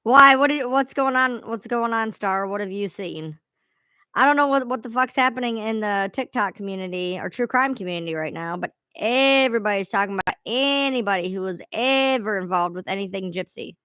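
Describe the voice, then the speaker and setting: A woman's voice: mid-range voice, a little fast, sharp tone, clean tone, no room sound, studio quality. A woman chatting casually on a live stream from home, swearing freely and laughing at herself. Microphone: own streaming mic sounding odd.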